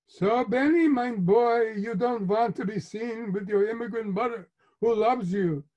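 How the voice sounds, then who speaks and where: A man's voice: high voice, unhurried, a little mellow, voice pushed up. An older man voicing a scornful, theatrical mother who puts on a thick Yiddish accent. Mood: mocking. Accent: put-on Yiddish. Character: theatrical scornful mother faking immigrant and posh voices. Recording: muffled lo-fi recording.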